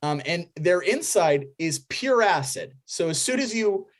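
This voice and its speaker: A game master narrating a tabletop game, describing scenes with many pauses and fillers. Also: medium pitch, big pitch swings.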